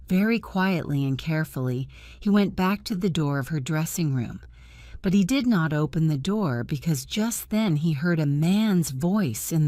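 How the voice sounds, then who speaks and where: Slow, low-pitched woman reading a story. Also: warm tone, dry recording, clean studio sound. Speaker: narrator. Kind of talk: graded-reader story narration.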